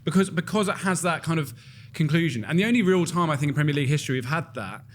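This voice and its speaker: A man arguing his football opinions in a casual podcast chat, animated and full of restarts. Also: on the high side, fast, a little hiss or hum. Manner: animated, argumentative, talks in restarts. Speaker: podcast guest. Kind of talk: casual debate.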